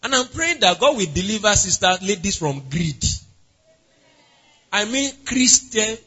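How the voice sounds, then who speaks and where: Male pastor, husky, interactive sermon, lo-fi stream sound. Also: sits high, animated, measured pace, sharp tone. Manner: asks the congregation questions and calls on members by name.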